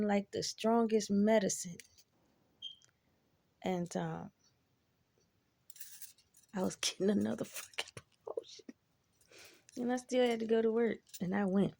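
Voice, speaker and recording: A woman's voice: mid-range voice, vocal fry, dark tone. A woman telling personal stories in a laid-back, rambling way, swearing freely and adding asides. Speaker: vlogger. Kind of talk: casual storytelling.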